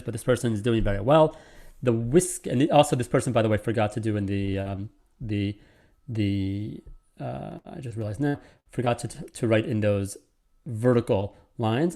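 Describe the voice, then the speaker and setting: A man teaching a lesson on poetic meter. He reads verse lines slowly with each beat stressed, and often stops to correct himself. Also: medium pitch, a little mellow. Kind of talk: online lecture on poetic meter.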